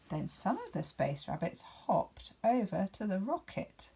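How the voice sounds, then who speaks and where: Teacher reading to young children: sing-song, playful, unhurried, slightly husky woman's voice. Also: medium pitch. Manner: expressive, playful storytelling with whispered asides. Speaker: primary school teacher. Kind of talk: reading a picture book aloud to children.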